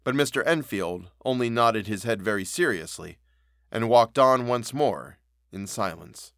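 A man reading a classic story aloud for a podcast in a measured, steady way. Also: fairly low pitch, dry recording, clean studio sound. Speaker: podcast reader.

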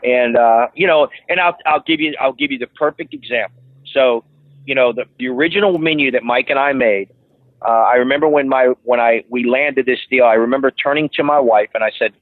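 A man's voice: mid-range voice, brisk, dry recording. A man telling stories as an interview guest, rambling with many restarts. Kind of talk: casual interview storytelling. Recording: dry tinny phone-like line.

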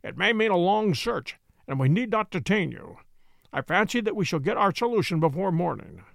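A man's voice: high-pitched, vocal fry, no room sound, heavily acted. A man doing a cool stern detective. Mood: wry. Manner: calm, dry, measured.

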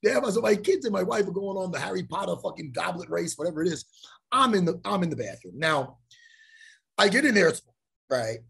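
A man hosting a podcast, telling a story in a profane, animated way and acting out the lines of the people in it. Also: sits high, a little fast, creaky, husky. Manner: profane, animated storyteller who acts out quotes. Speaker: podcast host. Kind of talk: casual storytelling chat.

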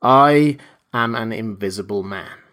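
A man's voice: mid-range voice, measured pace, natural voice. A man voicing a desperate, wounded invisible man who speaks with urgent, threatening insistence. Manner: urgent, pleading yet threatening.

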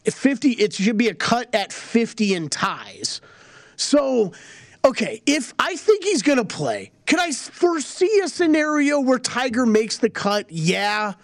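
A man with a high, very lively voice co-hosts a casual sports betting chat. He walks through odds and lines analytically, and the sound is dry and close. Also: dry recording. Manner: analytical, quick-talking about odds. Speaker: sports betting show co-host.

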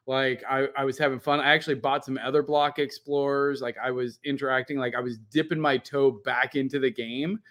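A man co-hosting a podcast in casual chat, telling a long animated story full of "like" and casual swearing. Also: mid-range voice, fairly quick, few pauses. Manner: animated, rambling storyteller with lots of "like". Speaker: podcast co-host.

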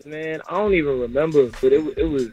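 A man calls in to a radio show and talks very quickly in loose slang. His voice is on the higher side, and he sounds sheepish about what he is telling. Light music plays behind him. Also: warm tone, dull audio. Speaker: caller. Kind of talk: radio call-in confession.

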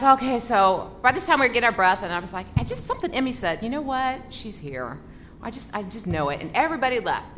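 Giggly bright-voiced woman telling a story. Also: mid-range voice, a little hiss or hum. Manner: giggly, breathless, rambling. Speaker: podcast co-host. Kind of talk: excited storytelling on a podcast.

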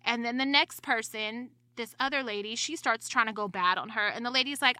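A young adult woman telling a story with heavy swearing in a casual podcast chat, animated in her storytelling. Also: on the high side, brisk, few pauses, no room sound.

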